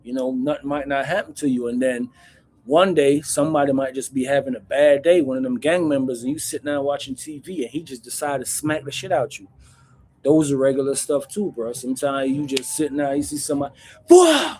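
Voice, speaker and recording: A man hosting a casual live Q&A, talking bluntly in street slang and calling the viewer bro, with loud bursts when he acts out stories. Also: mid-range voice, steady tone, fairly quick, slight background noise. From Jamaica. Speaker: host answering viewer questions.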